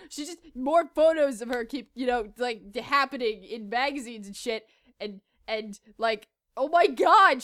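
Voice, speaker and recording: Woman ranting for laughs, super high voice swinging all over, stammery and sweary. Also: lively intonation, moderate pace, fairly bright tone. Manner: exasperated, profane, stammering, mock outrage. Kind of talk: comedic rant to camera.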